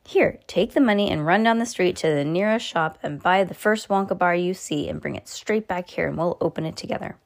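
A woman reading the part of an excitable, sly old grandfather in a whispery, eager voice. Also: lowish voice, fairly quick, gravelly, hardly any pauses.

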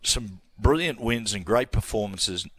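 A middle-aged Australian man co-hosting casual sports radio, telling animated stories and acting out the people he quotes. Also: fairly low pitch, measured pace, husky, no room sound. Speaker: radio co-host.

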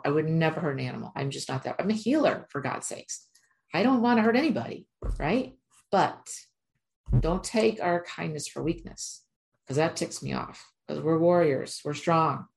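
A woman's voice: deep voice, creaky, darkish tone. A woman who works as an animal communicator, telling a personal story in a chatty, emphatic way with lots of fillers. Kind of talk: casual storytelling monologue.

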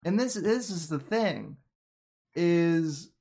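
A man's voice: on the high side, expressive, takes it slowly, creaky, dark tone. A man on a podcast talking in casual chat, hedging with lots of fillers and restarts. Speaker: podcast guest.

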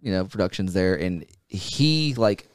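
A man co-hosting a podcast, telling stories in a profane, animated way and acting out what people said. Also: low-pitched, unhurried, no room sound. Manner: profane, animated storyteller who acts out quotes. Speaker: podcast co-host. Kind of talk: casual podcast chat.

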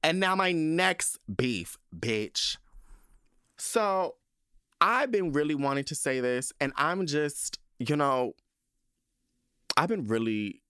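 A man's voice: medium pitch, fairly bright tone, clean tone, no room sound, studio quality. A man hosting a podcast, ranting in a casual, sassy and profane way with lots of emphasis. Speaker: podcast host.

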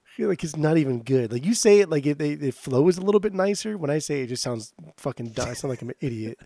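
A man's voice: fairly high pitch, expressive, quick pace, warm tone, dry recording. A man co-hosting a music podcast, ribbing his friend in casual, profane banter full of laughter. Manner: teasing, profane, laughs a lot. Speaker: podcast co-host. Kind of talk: casual chat.

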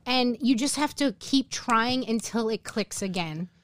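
Emphatic woman in her forties, smooth voice. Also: on the high side, a little slow, no echo. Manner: emphatic storyteller who acts out her own remarks. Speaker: podcast guest. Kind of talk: casual chat. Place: podcast studio.

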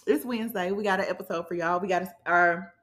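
A woman's voice: lowish voice, steady tone, fast, fairly bright tone. A woman hosting a casual podcast chat, playful and laughing often. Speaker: podcast host. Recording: echoey room.

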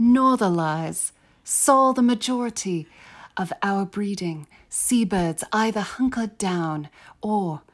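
A woman reading aloud as a genteel British woman diarist, hushed and careful. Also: mid-range voice, breathy edge.

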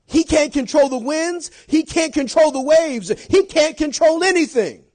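Animated high-voiced male preacher. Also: moderate pace. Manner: animated, swings from shouting to low asides, laughs often. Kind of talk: sermon.

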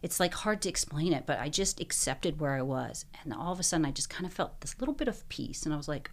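A young woman, a guest in an interview, telling her own story earnestly, full of "like"s and quick bursts. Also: deep voice, animated.

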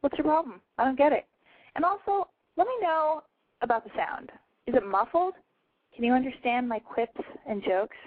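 A woman's voice: sits high, normal speed, dry recording. Brash, profane woman on a tinny line. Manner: brash, profane and self-mocking. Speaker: radio show host. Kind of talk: casual call-in show monologue. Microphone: home mic over a call-in line. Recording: dry, tinny phone-line sound.

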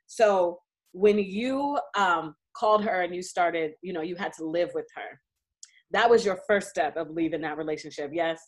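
A woman hosts a relaxed interview in an encouraging tone. She asks her guest guided follow-up questions. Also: on the low side, moderate pace. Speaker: host. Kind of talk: casual interview.

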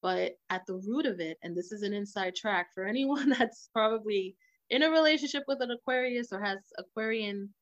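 A woman's voice: medium pitch, a little fast, no echo. Earnest woman on a dull-sounding podcast. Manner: reflective, earnest. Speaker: podcast co-host. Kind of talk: casual conversational podcast.

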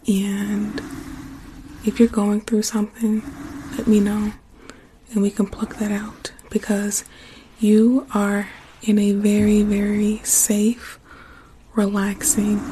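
A young woman with a slightly hoarse voice, chatting softly and affectionately to her stream viewers. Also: medium pitch, slight background noise. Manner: warm, affectionate, chatty with fillers. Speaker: ASMR streamer. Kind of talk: casual soft-spoken chat to viewers.

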